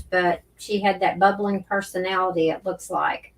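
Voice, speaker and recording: A woman's voice: mid-range voice, fairly even intonation, normal speed, a bit bright. A woman with a Southern US accent, co-hosting a livestream and chiming in with chatty reactions. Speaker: co-host. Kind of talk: casual livestream chat. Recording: distant mic with faint noise.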